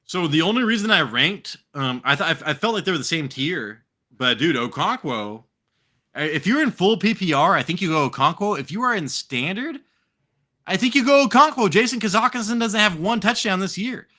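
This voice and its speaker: An American man co-hosting a live fantasy football stream, his voice bright and sharp and swinging up and down with energy. He rambles, restarts and swears freely, talking casually with a drink in hand. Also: sits high, a little fast. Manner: profane, rambling, animated. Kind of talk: casual live podcast chat.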